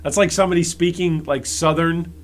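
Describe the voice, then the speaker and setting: A man's voice: fairly high pitch, steady tone, fairly quick. An American man streaming live, reacting to game patch notes and talking straight to his chat in a rambling way, restarting and repeating words as he works through a point. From United States. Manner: talks directly to his chat.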